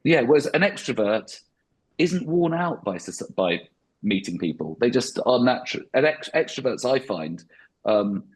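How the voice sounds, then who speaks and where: Stand-up guy on a podcast, husky voice, rambly and reflective. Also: mid-range voice, lively intonation, moderate pace. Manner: reflective, chatty, frequent restarts. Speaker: stand-up comedian, podcast guest. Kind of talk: podcast interview.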